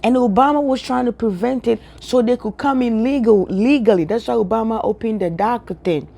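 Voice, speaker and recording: A woman with a Ghanaian accent speaks straight to her viewers in an emphatic, repetitive rant. Her voice is mellow and warm, and she drives each point home by saying it again. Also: on the high side, a little fast, vocal fry. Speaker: social media commentator. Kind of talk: direct-to-camera opinion rant.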